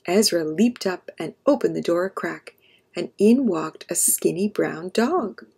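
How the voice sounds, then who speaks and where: A woman storyteller reading a children's picture book aloud in a gentle, expressive way. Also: on the low side, unhurried, gravelly, slightly rough.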